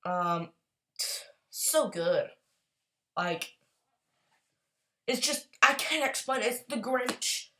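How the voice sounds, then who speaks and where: A woman chatting casually as a YouTuber, gushing and excitable, rambling along with quick apologies. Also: fairly high pitch. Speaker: YouTuber ranking movies. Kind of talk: casual tier-list chat.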